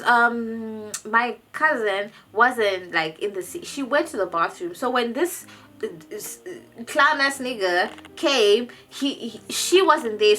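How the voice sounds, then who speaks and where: Young woman doing a storytime vlog, bright voice, lots of restarts and repeated words, faint music behind. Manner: animated, jumps into high quoted voices. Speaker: vlogger. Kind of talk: casual storytime.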